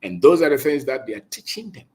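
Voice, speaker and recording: Husky-voiced Ghanaian man preaching. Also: medium pitch, big pitch swings, quick pace, darkish tone. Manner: emphatic, preachy, repeats phrases, switches between English and Twi. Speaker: speaker on colonisation. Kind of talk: impassioned motivational talk.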